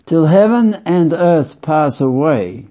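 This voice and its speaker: A man preaching a sermon slowly and with emphasis, repeating phrases for weight. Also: on the high side, expressive, warm tone. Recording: dull lo-fi sound.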